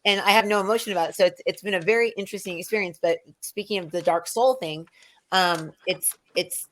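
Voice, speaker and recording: A woman's voice: medium pitch, brisk. A middle-aged woman rambling through casual spiritual chat, acting out quoted people with sudden jumps in her voice. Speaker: spiritual medium and co-host.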